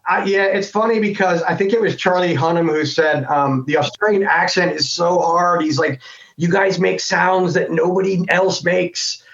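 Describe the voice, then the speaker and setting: A man's voice: sits high, normal speed, creaky, fairly bright tone. A middle-aged American man talking as an interview guest, thinking aloud and rambling with many restarts. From United States. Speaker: guest voice actor. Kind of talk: casual interview chat. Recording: dull lo-fi sound.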